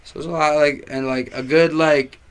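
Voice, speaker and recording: A young man with a slightly high voice tells a rowdy story in relaxed conversation. He swears freely and acts out the people he quotes. His voice swings from loud bursts to quiet asides. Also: normal speed, clean tone. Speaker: guest. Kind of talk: casual chat.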